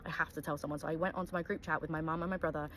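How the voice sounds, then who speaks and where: Young woman, lower voice, casual storytime, chatty, lots of fillers, faint background hum. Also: steady tone, rapid-fire, fairly bright tone, rough recording.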